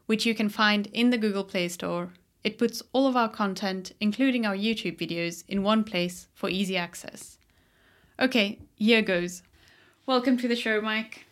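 A woman's voice: on the high side, moderate pace, fairly bright tone. A woman hosting a studio podcast, reading a scripted introduction and then interviewing a guest in an upbeat way. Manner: upbeat, laughs easily. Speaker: podcast host.

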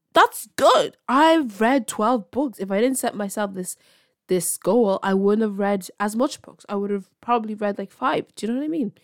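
A woman's voice: medium pitch, a little mellow, no room sound. Chatty young woman, dry close sound. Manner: chatty, self-deprecating, encouraging, laughs often. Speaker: podcast host. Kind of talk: casual solo podcast chat.

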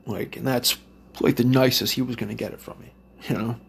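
A man recounts a story in a loose, profanity-laden ramble, circling back and restarting his sentences. His voice sits at an everyday pitch but carries a deep, crackly fry throughout. A faint hiss of noise sits under the recording. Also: steady tone, a little fast. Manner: heavy swearing, rambling with restarts. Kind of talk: casual storytelling.

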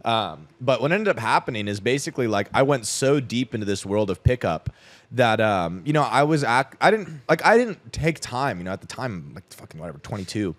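A man's voice: medium pitch, big pitch swings, brisk, dry recording. A young man in his twenties, a podcast guest, telling a personal story in a loose, rambling way, full of "like" and casual swearing.

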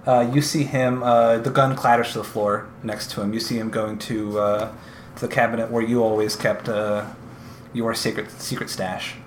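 A man's voice: fairly low pitch, level tone. A man narrates a tabletop game as its game master, stopping often with ums and starting over. His voice carries a roomy echo, with faint ambient noise underneath. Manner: halting, with frequent ums and restarts.

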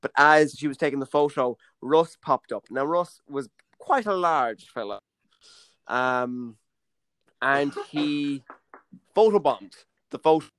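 A man's voice: a little high, slow pace, a bit bright, clean tone. A man co-hosting a podcast, telling a story in a teasing, joking way. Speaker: podcast co-host. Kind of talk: casual storytelling chat.

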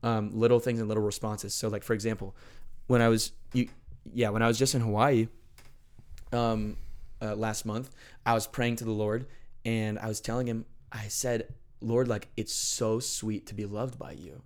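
A man sharing stories of prayer in a casual, earnest conversation, often restarting his sentences and growing animated when excited. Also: fairly low pitch, normal speed.

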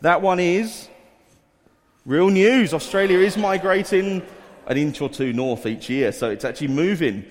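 A man's voice: high voice, expressive, a little slow. A man leading a quiz for children in a school hall, coaxing volunteers and reading headlines aloud in an upbeat way. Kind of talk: addressing a room of children. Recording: echoey hall reverb.

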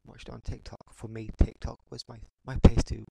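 A man in his thirties hosting a podcast, ranting in a frustrated, halting way and often pausing on "you know". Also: mid-range voice, level tone, creaky, mellow, slightly rough, no room sound, poor audio. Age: 30s. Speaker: podcast host. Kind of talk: podcast rant monologue.

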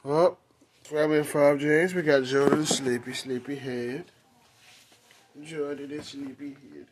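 A man's voice: on the high side, steady tone, unhurried. A man hosting a family podcast at home, coaxing and teasing his toddler in a playful, casual chat. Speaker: podcast host and father. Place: home bedroom. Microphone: phone. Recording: noisy home phone recording.

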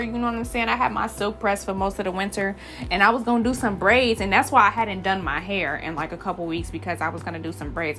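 A young woman vlogging in a casual, expressive and slangy way, laughing often as she talks. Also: medium pitch. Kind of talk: casual chat.

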